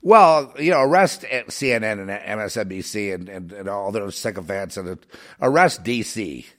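A man's voice: fairly low pitch, animated, moderate pace, fairly bright tone. A man giving a ranting monologue, preachy and emphatic, rambling with many restarts and fillers.

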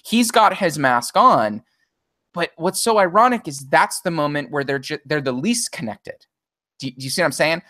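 A man's voice: on the high side, expressive, moderate pace, sharp tone, dry recording, clean studio sound. A man co-hosting a podcast in casual chat, analytical and thinking aloud with frequent restarts. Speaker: podcast co-host.

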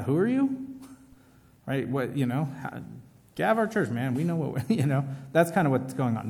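A man's voice: medium pitch, a little mellow, in a large hall. A man preaching a sermon in a casual, conversational way, often asking his listeners questions. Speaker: pastor.

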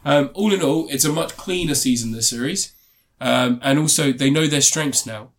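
A man's voice: medium pitch, normal speed. A man casually reviewing a TV series in a podcast chat, rambling with many ums and restarts.

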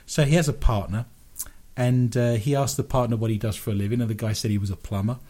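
A man's voice: mid-range voice, fairly even intonation, quick pace, mellow. Wry man hosting radio. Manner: wry, jokey asides. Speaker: radio host. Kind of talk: comic storytelling on radio.

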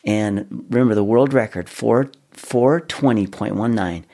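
A middle-aged man telling his story in a casual interview, animated, often restarting and repeating his words. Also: lowish voice, unhurried, creaky. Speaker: guest.

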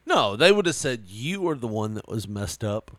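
A man's voice: on the low side, big pitch swings, normal speed, fairly bright tone, no echo, studio quality. A man co-hosting a podcast in casual chat, drunk, giggly and rambling, smoking a cigar at the mic. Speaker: podcast co-host.

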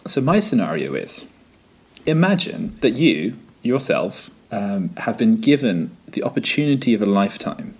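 Playful male podcast co-host, breathy voice. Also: fairly low pitch, big pitch swings, moderate pace. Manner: playful, laughs often. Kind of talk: casual chat.

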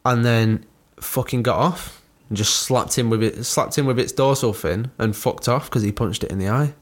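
A man's voice: medium pitch, normal speed. A young man co-hosting a podcast, telling a story in a rambling, sweary, laughing way. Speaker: podcast co-host. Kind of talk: casual chat.

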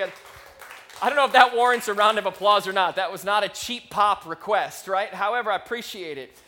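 Male pastor, 30s, high voice, conversational sermon with animated outbursts, handheld mic. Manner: conversational, animated storytelling with quick rises in volume. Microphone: handheld microphone.

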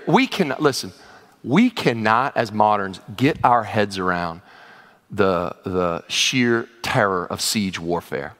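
A man preaching a sermon, animated, swinging from loud exclamations down to hushed low passages. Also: in a large hall. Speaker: pastor.

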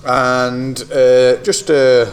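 A man's voice: medium pitch, flat delivery, very slow. A man, chatting casually and jokily on a podcast recorded in his clothing shop. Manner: laid-back, jokey, swears casually. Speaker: podcast host and shop owner.

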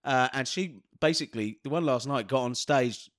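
A man co-hosting a podcast, telling DJ anecdotes with lively storytelling and frequent laughter. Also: medium pitch, normal speed, no echo, studio quality. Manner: animated storytelling, acts out exchanges, laughs often. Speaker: podcast co-host and DJ. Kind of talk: casual banter.

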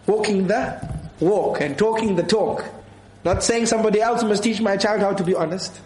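A man's voice: sits high, moderate pace, darkish tone, reverberant, a little hiss or hum, rough recording. A man giving an earnest sermon as a preacher, repeating his key points and quoting scripture.

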